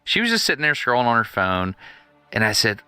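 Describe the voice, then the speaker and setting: A man's voice: mid-range voice, a little fast, smooth, no room sound, faint music behind. A man co-hosting a podcast, telling a story in casual chat, laughing a lot and acting out what people said. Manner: lively, laughs a lot, acts out quotes. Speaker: podcast co-host.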